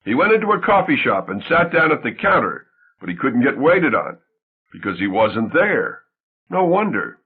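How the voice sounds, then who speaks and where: A man voicing an emotional young wife, tender and anxious, whose voice rises with excitement, in a tinny, phone-like recording. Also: mid-range voice, moderate pace, slightly rough. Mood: exasperated.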